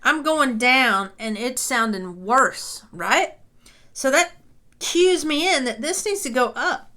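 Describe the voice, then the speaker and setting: A woman's voice: high-pitched, animated, slow, sharp tone. A woman teaching a music lesson, talking patiently and reassuringly, often checking in with "okay?", and sometimes singing along.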